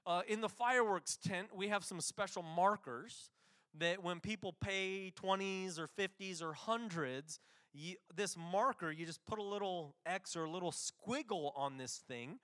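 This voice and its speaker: Guy preaching with a pretty high voice, chatty, lots of restarts and asides. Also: a bit bright. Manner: conversational, with restarts and quick asides. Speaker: pastor. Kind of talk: sermon.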